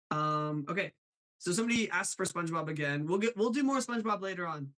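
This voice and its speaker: A man's voice: sits high, lively intonation, fairly bright tone. A man hosting a live show, chatting casually about voice impressions and reading questions from the chat. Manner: chatty, quick asides, reads chat aloud.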